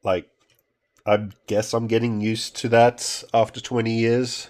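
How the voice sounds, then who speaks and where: A middle-aged Australian man, medium-pitched and a little slow, with a level, slightly mellow tone, chats casually as he repairs a game console. While soldering he mutters to himself and coaxes the parts along.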